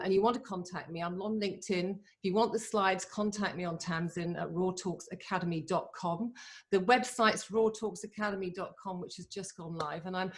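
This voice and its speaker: Eager woman giving an online talk. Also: medium pitch. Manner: eager and chatty, with quick bursts and laughs. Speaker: motivational speaker. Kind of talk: live online motivational talk. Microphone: video call.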